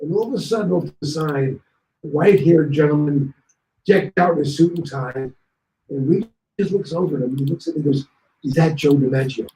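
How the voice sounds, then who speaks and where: High-voiced man telling stories in an echoey room. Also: a little fast. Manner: lively storyteller who acts out other people's lines. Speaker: guest. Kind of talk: anecdotal storytelling.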